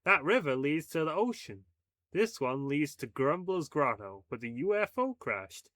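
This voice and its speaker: A man's voice: on the high side, very animated, unhurried, a bit bright, no room sound, studio quality. A man voicing a brash, bossy boy with a boastful folksy drawl in a story reading. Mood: cocky.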